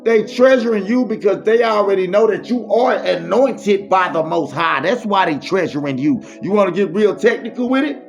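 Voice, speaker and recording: A man's voice: sits high, expressive, moderate pace, vocal fry, few pauses, faint music behind. A man giving a faith-based motivational monologue, repetitive and preachy, full of street slang. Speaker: motivational speaker. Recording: muffled lo-fi recording.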